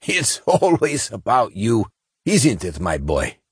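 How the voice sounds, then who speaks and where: Guy doing old gruff engineer on a scratchy intercom, way higher than his normal voice. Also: sing-song, slow, no echo, studio quality, exaggerated voice. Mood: wry. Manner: weary, wry. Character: old gruff male ship's chief engineer.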